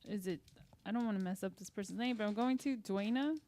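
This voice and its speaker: A young woman reading sports headlines on a radio show in a brisk way, sometimes stumbling over names. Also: mid-range voice, warm tone. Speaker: radio news reader.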